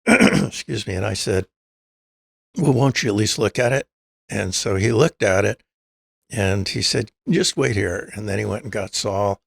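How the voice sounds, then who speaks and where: A man's voice: on the low side, a little slow, vocal fry, breathy edge, dry recording, clean studio sound. An older man, a guest in an interview, telling long anecdotes and acting out the quoted lines of the people in them. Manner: anecdotal, acts out quoted dialogue. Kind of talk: storytelling interview.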